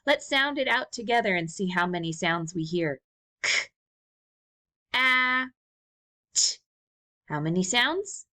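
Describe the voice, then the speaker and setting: A woman's voice: lowish voice, lively intonation, moderate pace, hardly any pauses, bright, forceful tone. Sing-song encouraging woman teacher. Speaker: first grade teacher. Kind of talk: recorded video lesson for young children.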